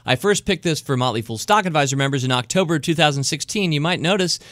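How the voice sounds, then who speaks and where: A man's voice: on the high side, expressive, fast talker, a bit bright, dry recording, clean studio sound. Chatty American man hosting a podcast. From United States. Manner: chatty, enthusiastic, jokes about his fake Spanish accent. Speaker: podcast host. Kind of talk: casual investing podcast chat.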